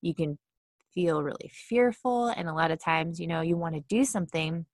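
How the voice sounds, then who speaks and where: A woman giving a casual mindfulness talk, chatty and quick to act out inner thoughts in little voices. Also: sits low, no echo, studio quality. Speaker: mindfulness speaker.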